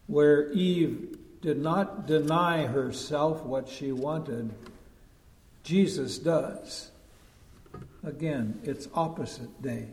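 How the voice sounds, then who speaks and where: Man preaching slow and emphatic, kinda high voice, big echoey church. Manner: measured, emphatic, drops to a hush at key points. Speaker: pastor. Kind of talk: sermon. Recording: long echo of a large hall.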